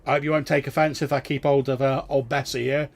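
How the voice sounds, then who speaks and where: A man voicing a wary farmer with a musket, speaking higher and louder, stammering and gravelly. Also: flat delivery, fast talker, lightly acted. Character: wary middle-aged male farmer with musket.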